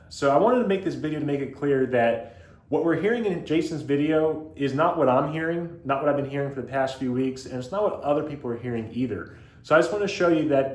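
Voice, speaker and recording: A man reviewing radio gear, giving an analytical, emphatic explanation as host. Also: a little high. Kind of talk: explanatory commentary.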